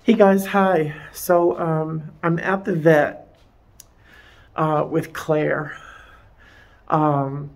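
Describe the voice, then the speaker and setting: A distraught man close to tears, talking haltingly in a personal vlog from a vet clinic, with many restarts. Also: on the high side, little pitch movement, gravelly. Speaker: vlogger. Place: veterinary clinic.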